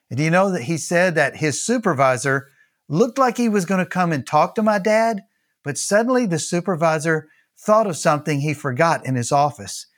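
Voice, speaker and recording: A man's voice: fairly high pitch, expressive, moderate pace, a bit bright. A man with a Texan accent preaching an earnest devotional sermon as pastor, repeating key phrases.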